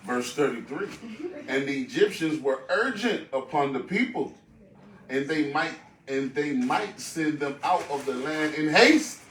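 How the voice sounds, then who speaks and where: A man in a class reading scripture verses aloud at a steady pace, stumbling on a word now and then. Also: a little high, measured pace, slight background noise. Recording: echoey room, picked up from a distance.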